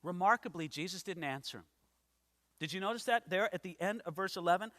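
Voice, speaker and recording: Under long hall reverb, a man preaching an expository sermon in church brings the scripture's people to life, acting them out with dramatic emphasis. The pastor's voice sits high, sounds a bit bright and animated, and runs at a fairly quick pace.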